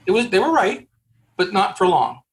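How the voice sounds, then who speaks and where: Lively man in his sixties telling a story. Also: high voice, moderate pace. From Canada. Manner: lively, jokey storyteller who acts out quoted dialogue. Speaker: podcast guest, recruiter. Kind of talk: animated storytelling.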